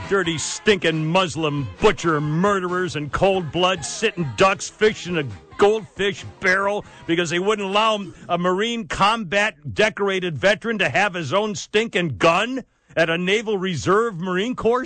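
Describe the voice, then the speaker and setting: A man's voice: sits high, measured pace, pushed and bright, faint music behind. A man hosting a talk radio show, ranting angrily and sarcastically from a studio mic.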